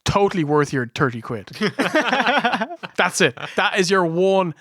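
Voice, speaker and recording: A man's voice: on the high side, animated, unhurried, a bit bright, dry recording. A man co-hosts a podcast with wry, sweary asides. He talks unhurriedly, and the sound is dry and close. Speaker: podcast co-host. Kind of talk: casual comedic review chat.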